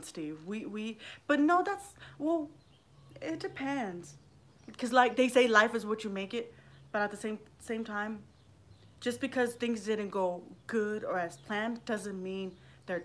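A woman's voice: mid-range voice, animated, unhurried, a bit bright. A middle-aged woman rambling casually on a livestream vlog, swearing freely and greeting viewers by name. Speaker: livestream vlogger.

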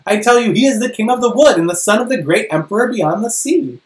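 A preacher voicing a male beaver from a children's storybook, reading his lines loudly and emphatically. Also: mid-range voice, expressive, fast talker, reverberant, distant mic, pitched above the performer's own voice, lightly acted, poor audio. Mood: stern. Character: excited male beaver, gruff and devoted.

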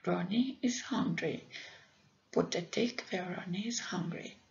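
A woman's voice: lowish voice, unhurried, gravelly, darkish tone. A woman teaching an English lesson, giving patient step-by-step instructions. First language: Croatian. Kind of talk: recorded lesson narration. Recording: dull lo-fi recording, faint room hum.

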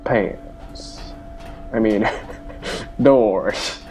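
A man's voice: fairly low pitch, extremely slow, darkish tone, faint music behind. A young man giving goofy, boastful let's play commentary, whooping and cheering as he plays. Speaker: gamer. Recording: game sounds and engine noise behind.

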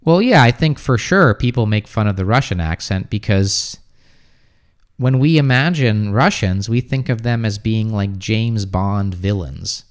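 A young American man hosting a casual livestream, reading viewer comments aloud and answering them in a relaxed way, with lots of fillers and restarts. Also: fairly low pitch, measured pace. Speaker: livestream host, English teacher.

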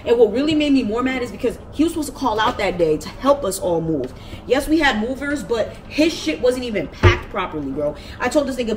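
A woman's voice: fairly high pitch, lively intonation, a little fast, a little hiss or hum. A woman vlogging a story from home, ranting in a heated, profane way. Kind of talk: storytime vlog. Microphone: camera.

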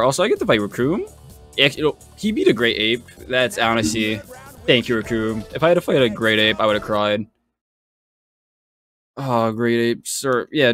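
A young man giving excitable, swear-heavy gameplay commentary, trash-talking his opponent. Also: medium pitch. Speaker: gaming YouTuber.

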